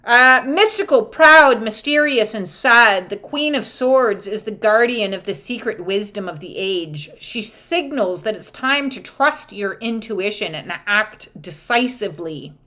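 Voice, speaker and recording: A woman's voice: mid-range voice, expressive, a little slow, few pauses, bright, forceful tone. A woman giving a live spiritual card reading to viewers, casual and emphatic, swearing freely. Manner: acts out quoted voices. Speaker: oracle and tarot card reader.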